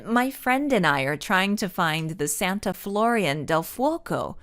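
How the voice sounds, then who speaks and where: A woman voicing a polite, quick-witted young detective girl in a storybook, enunciating carefully. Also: medium pitch, sing-song, fairly bright tone. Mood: polite, puzzled.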